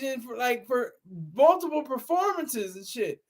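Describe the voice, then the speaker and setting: A man's voice: very high-pitched, sing-song, a little slow, hardly any pauses. A man hosting a casual livestream, rambling, laughing often and answering his chat through a laptop mic. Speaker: livestream host. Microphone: laptop camera mic.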